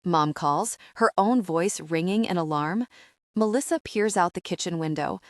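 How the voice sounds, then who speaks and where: A woman narrating a young-adult audiobook in the first person, with steady, even storytelling. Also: lowish voice, moderate pace, dry recording, studio quality.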